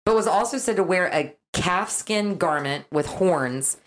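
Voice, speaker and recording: A woman hosting a podcast, chatting casually and narrating a case with quick asides. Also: on the low side, animated. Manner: chatty, quick asides while reading notes. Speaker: podcast host.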